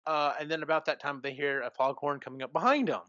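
A male podcast host casually retells a book's plot, rambling with lots of fillers and restarts. His fairly high voice is bright and forceful and moves at a quick pace, captured in a dry, dull lo-fi recording.

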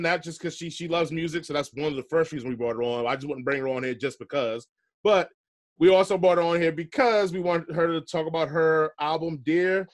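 A man hosting a podcast in relaxed, slangy casual chat, laughing often. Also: a little high. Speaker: podcast host.

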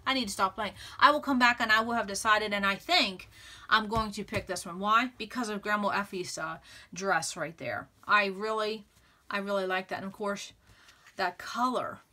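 Woman, crafting host, excitable, chatty, laughs often, bright clear tone. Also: medium pitch, moderate pace. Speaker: scrapbooking channel host. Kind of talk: casual crafting tutorial chat.

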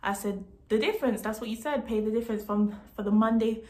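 Animated, indignant young woman storyteller. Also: fairly high pitch, quick pace. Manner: indignant, animated, swears freely. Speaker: vlogger telling a story. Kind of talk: casual storytime monologue. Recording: roomy echo.

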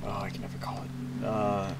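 A man with a lowish voice gives rambling, self-mocking commentary while he plays a horror game. He swears constantly and sounds jittery. Game sounds play clearly behind him. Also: completely flat delivery, normal speed, heavy background noise. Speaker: gaming video host.

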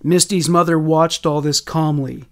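Man narrating in a slightly high voice. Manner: steady, measured storytelling. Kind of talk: scripted narration.

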